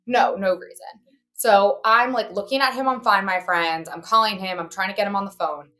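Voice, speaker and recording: A woman's voice: mid-range voice, fairly even intonation, normal speed, bright, forceful tone. A young woman co-hosting a podcast, telling a story in a chatty way, saying "like" a lot and swearing bluntly. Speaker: podcast co-host. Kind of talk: casual storytelling chat.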